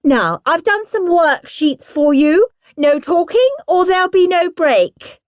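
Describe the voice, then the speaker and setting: A woman's voice: very high-pitched, expressive, takes it slowly, no room sound, studio quality, voice pushed up, heavily acted. A woman voicing a moody girl who bosses others around as a pretend headteacher, snapping and imperious. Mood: bossy.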